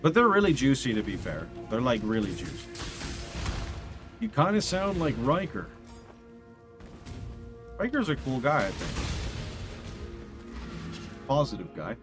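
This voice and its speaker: A man's voice: medium pitch, wildly swooping pitch, measured pace, pauses often. A man streaming a game live on a studio mic, chatting casually in a joking, self-mocking way. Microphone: studio condenser mic. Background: game music.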